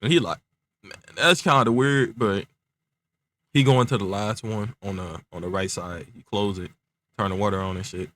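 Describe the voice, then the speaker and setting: Young male storyteller, low-pitched, relaxed and rambling, slightly stumbling speech from aligners. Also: normal speed. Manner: laid-back slang, constant filler phrases, stuttering. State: talking around clear aligners. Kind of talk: casual improvised storytelling.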